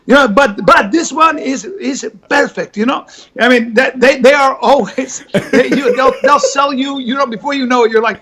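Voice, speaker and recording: High, bright-voiced man stammering. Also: normal speed, husky. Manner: animated, stammering restarts. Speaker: guest comedian. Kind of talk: casual podcast chat.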